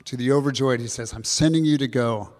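A man's voice: medium pitch, a little fast, darkish tone, long reverb tail. Man preaching an Easter sermon. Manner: earnest, repetitive preaching, addresses kids and congregation. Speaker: pastor.

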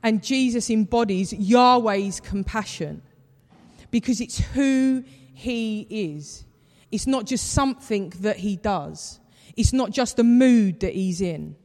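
A preacher delivers a sermon in a warm storytelling manner. The voice sits in a middle register. A long reverb from a large hall trails each phrase. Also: mid-range voice, slow pace. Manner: conversational storytelling, acts out quoted voices.

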